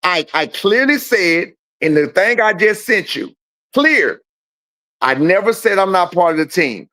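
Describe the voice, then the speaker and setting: A man's voice: sits high, expressive, a little slow, sharp tone, no room sound. A man on a call-in show, telling a heated story in casual talk, profane and boastful.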